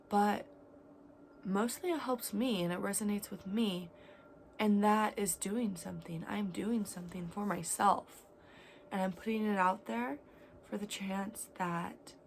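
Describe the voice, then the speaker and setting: A woman in her twenties talking in a candid, rambling vlog about her life, swinging between loud and quiet. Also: mid-range voice, gravelly, a little hiss or hum. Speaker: vlogger. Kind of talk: casual confessional vlog.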